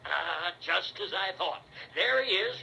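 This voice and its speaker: An actor playing a jolly elderly Santa Claus who drives the sleigh, in 1930s radio drama style. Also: male voice, high-pitched, animated, unhurried, vocal fry, sharp tone, faint music behind, full character voice, poor audio. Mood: urgent.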